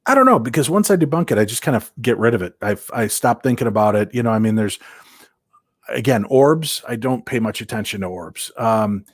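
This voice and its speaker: A man from Minnesota telling paranormal investigation stories as an interview guest, animated and acting out quoted voices. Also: medium pitch, brisk, no room sound, clean studio sound. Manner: lively, acts out quoted voices, many restarts.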